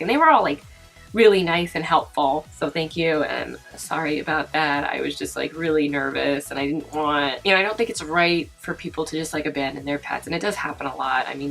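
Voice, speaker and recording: A young woman vlogger telling a story in casual chat while doing her makeup, talking fast with lots of "like" and acting out what people said. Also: low-pitched, fairly bright tone, poor audio. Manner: chatty, fast, heavy use of "like", acts out quoted voices. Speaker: beauty vlogger.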